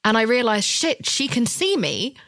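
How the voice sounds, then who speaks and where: A woman's voice: fairly high pitch, sing-song, normal speed, fairly bright tone, dry recording, studio quality. A woman, a guest actress telling a candid story in casual chat, swearing freely and acting out the voices of the people in it.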